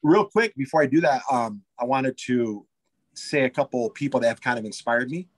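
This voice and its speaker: A man's voice: mid-range voice, moderate pace. A man who owns a pizza shop, chatting casually in an interview, rambling and eager with plenty of fillers and restarts. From United States.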